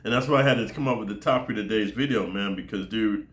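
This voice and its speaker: A man's voice: fairly low pitch, quick pace, a bit bright, echoey room. An American man vlogging in a casual monologue, rambling and profane, constantly tossing in "dude" and "man". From United States.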